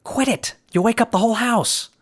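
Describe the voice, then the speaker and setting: Guy reading as a worried young woman, hushed scolding, gets loud fast. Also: mid-range voice, animated, close to an everyday voice. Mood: alarmed. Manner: pleading, exasperated whispers and shouts. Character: young woman, anxious and fiercely caring.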